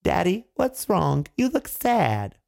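Man playing gentle young princess, caring daughter, soft pleading, storybook. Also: sits high, wildly swooping pitch, slow pace, vocal fry, pitched above the performer's own voice, heavily acted. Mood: concerned.

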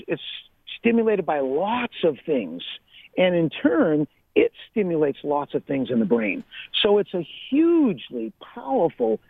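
A man's voice: sits high, no echo. A man, a breathwork author, explaining eagerly as a radio interview guest, laughing often and repeating phrases for emphasis. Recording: tinny phone line.

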